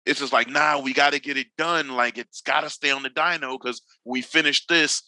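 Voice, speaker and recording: Speaking at a moderate pace with a steady, sharp tone and medium pitch, a drifting veteran in his forties from Northern California chats casually on a podcast. He swears freely, leans on slang and acts out quotes, all on a rough recording with no room sound.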